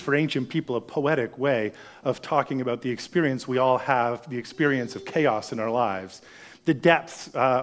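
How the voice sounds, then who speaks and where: Male pastor, 30s, slightly high voice; conversational sermon, anecdote into scripture. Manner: storytelling, conversational, drops to a hush for solemn lines.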